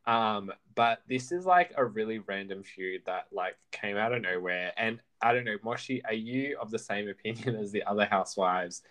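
A man's voice: on the low side, normal speed, few pauses, a bit bright. A man co-hosting a podcast, chatting casually about a reality show, laughing often and using fillers. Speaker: podcast co-host. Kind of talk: casual reality TV recap chat.

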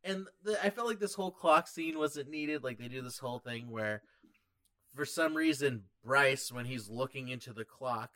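A male podcast co-host with a mid-range voice and moderate pace riffs on a movie in a loose, joking way. His delivery is animated, full of gags and impressions of quoted voices.

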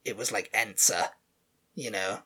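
A man's voice: lowish voice, unhurried, pushed and bright, breathy edge. A British man co-hosting a podcast, chatting loosely with lots of fillers and sometimes reading out show synopses. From Britain. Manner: rambling, filler-heavy, reads out show synopses. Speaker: podcast co-host. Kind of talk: casual chat.

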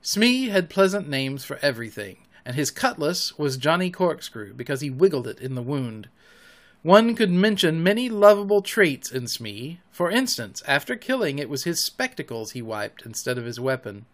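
A man narrating a children's classic in an audiobook, with an expressive storybook reading. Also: fairly high pitch, normal speed.

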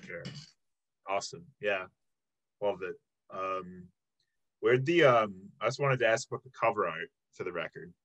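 A male podcast host talking with a band in loose, rambling chat. His voice sits a bit low but sounds bright and forward, and he curses casually and fills his sentences with "like.". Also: moderate pace, long pauses, muffled recording. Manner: loose, rambling, swears freely, many "like"s. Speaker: podcast interviewer.

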